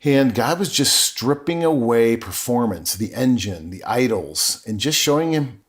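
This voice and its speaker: A man's voice: mid-range voice, animated, measured pace. A middle-aged man, a podcast guest, telling his personal story in an earnest, openly emotional way with frequent restarts.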